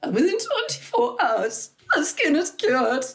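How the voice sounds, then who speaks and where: A woman voicing a grateful mother who calls in, speaking high and emotionally through tears. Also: wildly swooping pitch, a little slow, full character voice. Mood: tearful. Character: tearful grateful mother phoning in.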